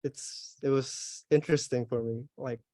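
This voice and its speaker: A man's voice: mid-range voice, steady tone, moderate pace, warm tone, no room sound, clean studio sound. A young man with an Australian accent giving a tech talk at a meetup, hesitant and plain-spoken with restarts. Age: young adult. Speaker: conference speaker.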